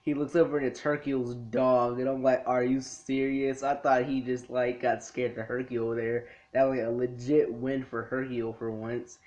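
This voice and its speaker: A man's voice: mid-range voice, flat delivery, darkish tone. A man casually reviewing anime episodes in his room, rambling and acting out characters' lines. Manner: rambling, acts out characters' lines in quick bits. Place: his own room lit by a TV.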